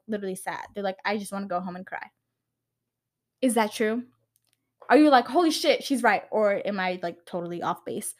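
A young woman hosting a solo podcast, talking off the cuff in a rambling way, packing her speech with "like" and swearing now and then. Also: mid-range voice. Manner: rambling, heavy "like" filler, swears casually. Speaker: podcast host. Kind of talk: unscripted solo podcast chat.

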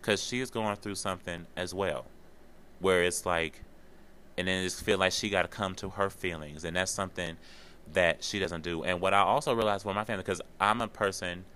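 A man's voice: deep voice, pushed and bright, slight background noise. Earnest man talking on his podcast. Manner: earnest, encouraging, repeats himself for emphasis. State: tearful at times. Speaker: podcast host. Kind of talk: solo podcast monologue.

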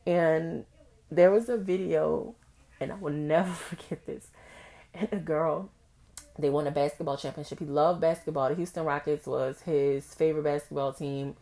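A young woman hosting a podcast, telling a personal story in a candid, profane, animated way with frequent laughs. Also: sits low, moderate pace. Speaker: podcast host.

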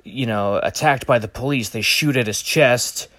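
Reviewing a movie trailer on his own, this man rambles casually with lots of fillers, restarts and jokey asides. He has a medium-pitched, fairly bright voice at normal speed, recorded at studio quality with no echo.

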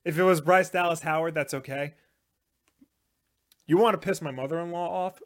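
Rambling man, slightly high voice. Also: steady tone, normal speed. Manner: rambling, lots of "like" fillers. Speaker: podcast co-host. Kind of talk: casual chat.

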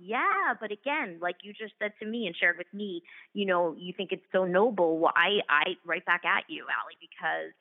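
A woman's voice: on the low side, expressive, moderate pace. Effusive woman in her forties on a tinny line. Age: 40s. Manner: effusive, rambling, many fillers. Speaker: acting coach and actress guest. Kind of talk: casual interview chat. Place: remote call from home office.

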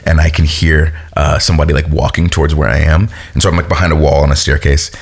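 A young man, a professional wrestler and guest, telling stories in a relaxed, rambling way. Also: rumbling low, quick pace, husky. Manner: laid-back, rambling, leans on "like". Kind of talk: casual storytelling chat.

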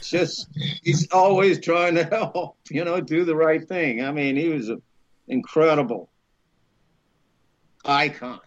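A middle-aged man with a fairly high voice tells stories in a relaxed chat, acting out everyone he quotes. He laughs often as he talks. The sound is muffled and lo-fi. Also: measured pace, pauses often. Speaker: actor guest. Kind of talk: casual storytelling interview. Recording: dull lo-fi podcast audio.

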